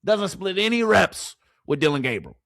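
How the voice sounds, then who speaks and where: A man's voice: high-pitched, very animated, moderate pace, creaky, a bit bright, no room sound, clean studio sound. A man ranting to his live chat as a sports commentator, repeating rhetorical questions in exasperation.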